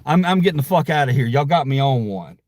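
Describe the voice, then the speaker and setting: Furious, swearing man with a lively pitch. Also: fast, no echo. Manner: heated, profane, confrontational. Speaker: channel host. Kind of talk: angry livestream rant.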